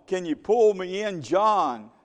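A man's voice: high voice, animated, takes it slowly, voice pushed up. A man preaching, acting out a frightened fisherman who is sinking in a storm and pleading for help. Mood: desperate. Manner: panicked, pleading. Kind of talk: sermon storytelling. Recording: long hall reverb.

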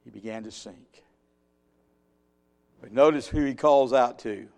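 A man preaching a sermon with emphatic delivery, rising loud and dropping soft. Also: mid-range voice, unhurried, long pauses. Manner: emphatic, swinging between loud and quiet. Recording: long hall reverb.

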